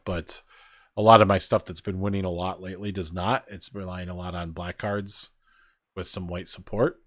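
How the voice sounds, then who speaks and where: Male podcast host, very low voice, loose rambling delivery, dry close mic. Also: dry recording. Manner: rambling, filler-heavy storytelling. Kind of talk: casual chat.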